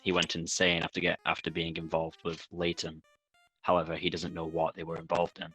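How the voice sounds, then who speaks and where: A man's voice: low-pitched, monotone, brisk, sharp tone, slightly rough, soft background music, rough recording. A man playing a tabletop role-play game, blunt and exasperated with his partner. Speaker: player, podcast host.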